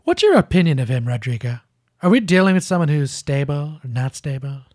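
A man reading the lines of a boastful male head of state on a late-night phone call, in a flattering, rambling way, as a comic read-through of a transcript. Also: fairly high pitch, brisk, no room sound, clean studio sound.

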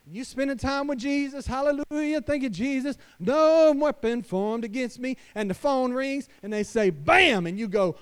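A man pastor preaching a sermon to fathers, emphatic, swinging between hushed lines and loud declarations. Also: sits high, clean tone. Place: church.

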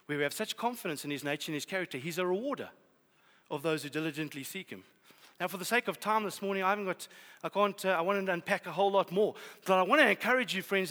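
Male preacher, high gravelly voice, storytelling sermon, reverberant hall. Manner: animated storytelling, swings from loud to hushed.

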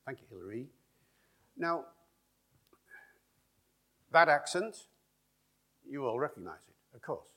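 A man giving a public lecture in a lively, discursive way, with chatty asides. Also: mid-range voice, slow pace, pauses often, breathy edge. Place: lecture hall with an audience.

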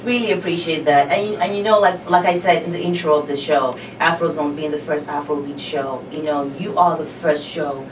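Playful host from Britain, lowish voice, heard from far off in an echoey noisy room. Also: female voice, normal speed, hardly any pauses. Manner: lively, teasing, laughs often. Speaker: radio show host. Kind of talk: radio interview. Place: radio studio. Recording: roomy distant mic with noise.

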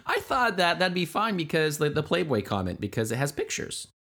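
A man co-hosting a podcast in casual chat, playful and quick to laugh. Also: fairly high pitch. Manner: laughs often, animated and playful. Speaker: podcast co-host.

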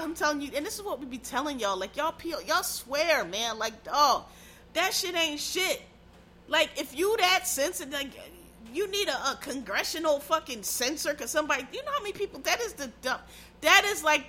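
A woman's voice: on the high side, sharp tone, slight background noise. Blunt, profane woman ranting. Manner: blunt, profane, heated and sarcastic. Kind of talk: casual ranting commentary.

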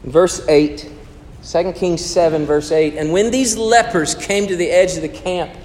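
A man with a high, bright-pitched voice delivers a sermon in a church, his words ringing with a long hall reverb. He swings from loud emphasis down to hushed, intimate storytelling. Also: steady tone, measured pace. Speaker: pastor.

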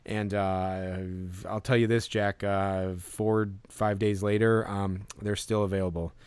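A man co-hosting a podcast, chatting casually with lots of fillers and animated retelling. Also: lowish voice, measured pace, clean tone, dry recording. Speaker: podcast co-host. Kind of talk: casual chat.

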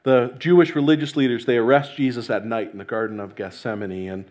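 A man's voice: medium pitch, steady tone, brisk, a little mellow. A male pastor praying and then reading scripture aloud in an earnest, emphatic way. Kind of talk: sermon with prayer and scripture reading.

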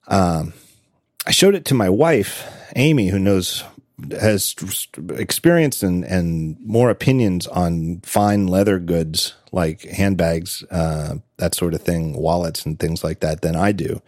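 A man's voice: low voice, slow pace, a little mellow, no room sound, clean studio sound. A man hosting a podcast in casual chat, telling stories with frequent laughs and self-corrections. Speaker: podcast host.

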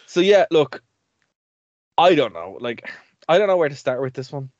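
A man's voice: fairly high pitch, very animated, normal speed, a little mellow, no echo, highs cut off. A man hosting a radio and podcast show, chatting casually, rambling and laughing often. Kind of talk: casual chat.

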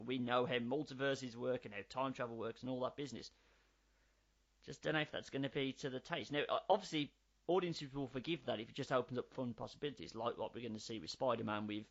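Animated man chatting casually. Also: mid-range voice. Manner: animated, swears freely, riffs on ideas. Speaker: podcast co-host. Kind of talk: casual chat. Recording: slightly dull lo-fi audio.

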